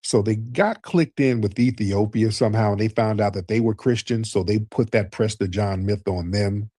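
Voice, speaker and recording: A man's voice: lowish voice, moderate pace, dark tone, no room sound. Combative male talk-show host, dry sound. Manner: combative and mocking, keeps saying "sir"; lectures at length in a storytelling way. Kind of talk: live call-in show commentary.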